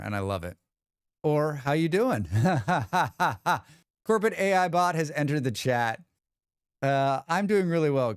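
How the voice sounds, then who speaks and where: Here a male livestream host with a smooth, mid-pitched voice spins stories for his viewers, voicing others' quotes and swearing liberally. The audio is studio-grade with no echo.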